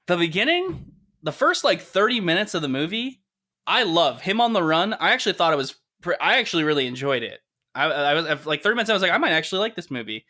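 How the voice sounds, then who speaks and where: A podcast co-host, a man, talks in a casual and animated way, acting out quotes and laughing often. His voice is bright, and his pitch moves around a lot. He sits a little above the usual male pitch. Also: quick pace. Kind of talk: casual chat.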